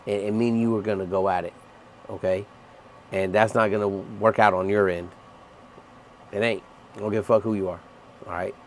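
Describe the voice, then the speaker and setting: Navy chief venting on camera, a low-pitched man, heated and blunt, with faint noise behind him. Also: steady tone, brisk, pauses often. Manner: angry, profane, emphatic. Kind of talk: heated vlog rant. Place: aboard a ship at sea.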